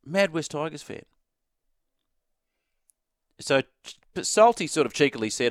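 An Australian man hosting sports talk radio, chatting quickly and inviting listeners to send in texts. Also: on the high side, lively intonation, no echo, clean studio sound. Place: radio studio. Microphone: studio microphone.

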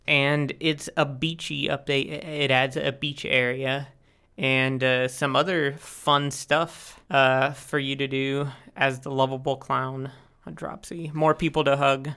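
A young man from Central Florida, a game developer guest, chatting casually in a relaxed way with frequent fillers. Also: mid-range voice, creaky, clear, resonant tone. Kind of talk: casual interview chat.

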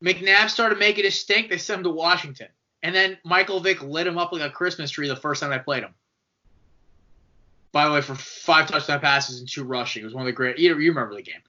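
A man's voice: fairly high pitch, a little fast. Opinionated man on a dull lo-fi podcast. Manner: animated, argumentative, acts out quoted voices. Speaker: podcast co-host. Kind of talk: casual sports podcast chat.

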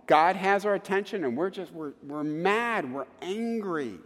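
A man's voice: high-pitched, expressive, unhurried, big-room sound. A man preaching a sermon, telling a personal story with acted asides and direct questions to the congregation. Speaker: pastor.

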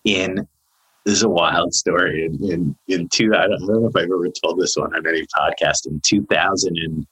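A man in his forties, a psychologist guest on a podcast, telling a long story in a lively, chatty way with lots of fillers. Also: low voice, a little fast, slightly rough, low-quality recording. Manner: animated storyteller, many "like" fillers.

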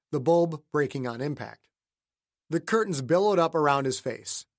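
A man giving a scripted, measured narration of a horror audiobook. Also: fairly high pitch.

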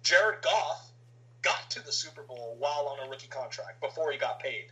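Bright, argumentative sports podcast host. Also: male voice, mid-range voice, lively intonation, poor audio. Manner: argumentative, fast-talking, pushes back. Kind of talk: casual sports debate.

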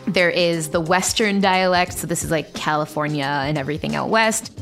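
A woman from Central Ohio with a Midland accent explains things as a guest in an interview. Her voice sits a little low, and her tone is casual and explanatory. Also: moderate pace, creaky, a bit bright, faint music behind. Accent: Midland American. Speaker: linguistics professor guest.

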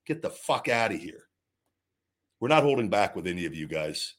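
Middle-aged male host, slightly low-pitched, foul-mouthed and heated, rambling with lots of restarts. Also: normal speed. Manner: profane, heated ranting that swings to calm, rambling advice; repeats words and restarts often. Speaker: show host answering viewer questions. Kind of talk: unscripted livestream chat.

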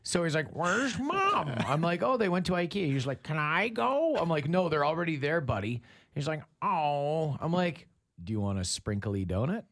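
A man's voice: fairly high pitch, normal speed. A man in his thirties telling a casual story on a talk show, acting out the lines of his child and himself. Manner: animated, acts out his child's and his own lines in quotes. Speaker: radio show co-host.

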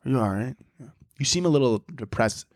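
A man's voice: medium pitch, animated, a little fast, no room sound, studio quality, voice pushed down, lightly acted. A man voicing a smartwatch that keeps asking its owner if he is sad. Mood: prying. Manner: coaxing, repetitive questions. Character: fretting smartwatch voice checking on mood.

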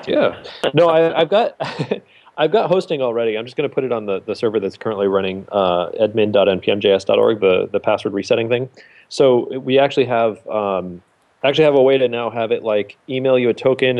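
Man, lowish voice, rambling casual panel talk full of ums and restarts. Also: a little mellow. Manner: hesitant, many fillers and restarts. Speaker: podcast panelist. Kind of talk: casual chat.

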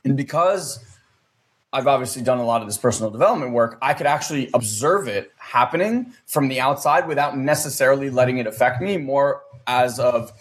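A man's voice: medium pitch, brisk. A man in his thirties telling a personal story in a casual, rambling way, earnest and full of fillers.

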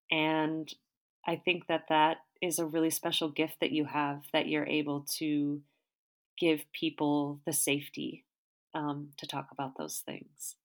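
A woman artist interviewing a podcast host, asking long, thoughtful questions with fillers. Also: low-pitched.

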